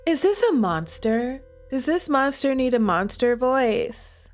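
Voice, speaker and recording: A woman streamer reading a dark visual novel aloud, chatty and dramatic between lines. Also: high-pitched, slow, soft background music. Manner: chatty, animated, dramatic narration. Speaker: game streamer.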